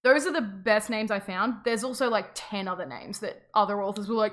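A woman's voice: mid-range voice, a little fast, few pauses, a bit bright. Young woman, Australian accent, casual podcast chat, rambling, laughs a lot. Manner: chatty, rambling, laughs often. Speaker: podcast co-host.

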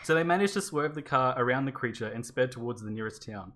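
A woman's voice: very deep voice, animated, fast talker, noisy background. A woman co-hosting a podcast, telling a spooky story in casual chat, swearing freely and laughing often. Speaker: podcast co-host.

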